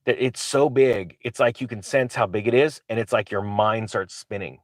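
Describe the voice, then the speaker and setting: A low-pitched man talks to camera like a channel host, eager and rambling, often stopping to restart his sentences. The sound is close and dry, with no room echo. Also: moderate pace. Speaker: real estate investor and channel host. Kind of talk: casual talk to camera.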